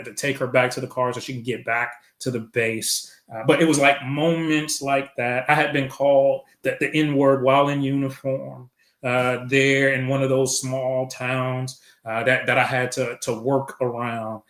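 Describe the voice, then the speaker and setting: A middle-aged man from Chicago tells a personal story on a podcast, slipping into the voices of the people he remembers. His pitch sits in the middle range, and the recording carries a noticeable roomy echo. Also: level tone, normal speed, a bit bright. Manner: reflective, retells events with quoted dialogue. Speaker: podcast guest. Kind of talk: storytelling in conversation.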